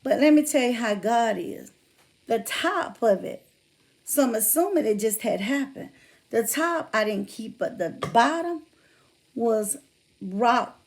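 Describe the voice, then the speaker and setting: A woman runs a laid-back livestream, chatting with her viewers and greeting them by name. Her slightly high voice carries a gravelly, fry-heavy edge, and she talks openly about her faith along the way.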